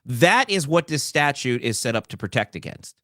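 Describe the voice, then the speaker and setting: Animated male host, very expressive pitch, rambling commentary, dry mic. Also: moderate pace, no room sound. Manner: animated, rambling, full of fillers and asides. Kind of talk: political commentary talk show.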